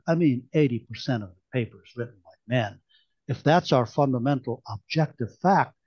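A man's voice: medium pitch, warm tone, breathy edge, muffled recording. A man voicing an earnest, hesitant idealist.

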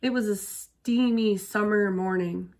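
A woman reading a children's picture book aloud as a storyteller, steady and expressive. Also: mid-range voice, measured pace.

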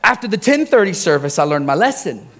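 A man preaching a relaxed, conversational sermon to his congregation, telling personal stories with frequent chuckles and questions to the crowd. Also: sits high, fairly quick. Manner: jokey, chuckles often, asks the congregation questions. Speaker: pastor. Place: church service before a congregation.

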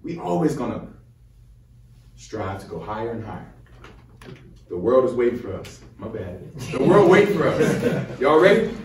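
A man in his twenties from Chicago with a Chicago accent, giving a motivational, preacher-like speech to high schoolers. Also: sing-song, normal speed, pauses often, a little hiss or hum. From Chicago, USA. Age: 20s. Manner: fired-up, preacher-like call and response. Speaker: medical student speaking to high schoolers. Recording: roomy echo, from far off.

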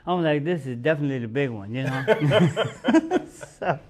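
A man's voice: mid-range voice, quick pace, a little hiss or hum. A man telling a long anecdote in a TV studio interview, acting out the voices of people in his story and laughing often. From United States. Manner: animated, acts out quotes, laughs often. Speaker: guest musician. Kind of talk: casual storytelling.

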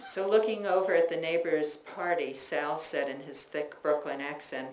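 A woman reading her own personal essays aloud to an audience in a bookstore, measured and reflective, with chatty asides between pieces. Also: low voice, steady tone, a little mellow. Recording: echoey room recording with faint ambience.

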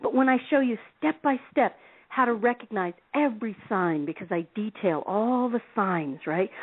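A woman telling stories as a guest on a call-in show, lively and expressive, acting out the people in her stories and laughing often. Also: on the high side, moderate pace. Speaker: relationship advice author, guest. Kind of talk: animated storytelling on a call-in radio show. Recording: phone-line sound.

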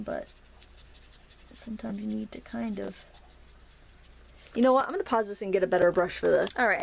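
A woman's voice: medium pitch, creaky, a little hiss or hum. A middle-aged woman with a Maine accent teaching watercolor painting in a casual, chatty way, talking to herself as she works and making playful asides. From Maine, USA. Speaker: watercolor instructor.

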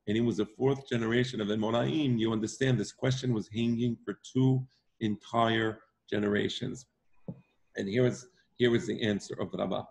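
A man's voice: on the low side, gravelly, darkish tone. A man teaching an online Talmud class, emphatic and repetitive, often checking in with "right?". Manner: emphatic, repeats himself, stresses points with "right?".

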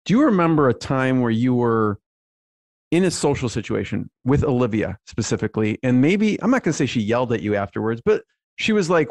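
Male podcast host, relaxed, hesitant, halting questions, dry close sound. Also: medium pitch, dry recording. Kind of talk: casual interview.

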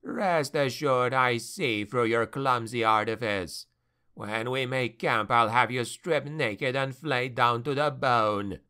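Man playing a spoiled young elf general, sneering, imperious, high strained voice. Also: slow pace, bright, forceful tone, smooth.

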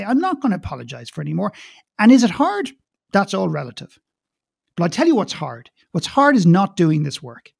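A man's voice: sits high, huge pitch swings, brisk, vocal fry, slightly rough, no room sound, studio quality. A man with an Irish accent, a guest in a podcast interview, talking passionately and bluntly, swearing and repeating words as he goes.

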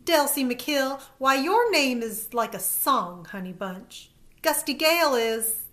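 A woman's voice: high voice, lively intonation, slow pace, pushed and bright, pitched above the performer's own voice, full character voice. A woman reading aloud, voicing a cheerful, fussy older grandmother. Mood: chatty. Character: warm chatty older grandmother.

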